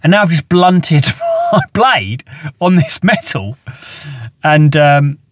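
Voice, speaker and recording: A man's voice: a little high, huge pitch swings, takes it slowly, dry recording, clean studio sound. A middle-aged man, telling a gardening story in a chatty, rambling, self-mocking way with frequent laughs. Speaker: gardener telling work stories. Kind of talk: casual storytelling.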